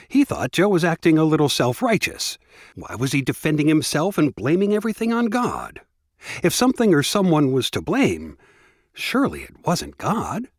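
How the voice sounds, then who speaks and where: Man, audiobook narration, husky, animated, close dry mic. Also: a little high, dry recording. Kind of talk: scripted narration.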